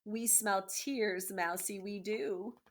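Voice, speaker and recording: A woman voicing a pack of hungry, vengeful rats in a storybook read-aloud, with loud, sing-song chanting. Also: mid-range voice, very animated, slow pace, slightly rough, pitched above the performer's own voice, exaggerated voice. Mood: gleeful.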